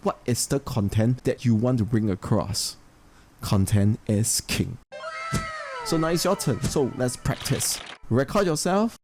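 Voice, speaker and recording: A male English teacher with a Singaporean English accent, explaining a lesson step by step and saying example sentences slowly with stress. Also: medium pitch, music in the background. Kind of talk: instructional lesson.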